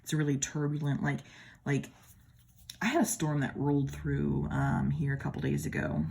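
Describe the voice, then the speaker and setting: A woman with a Midwestern accent reviews tarot decks at home, her low, creaky, slightly mellow voice steady and moderately paced. She chats admiringly and casually, with playful asides as she compares them.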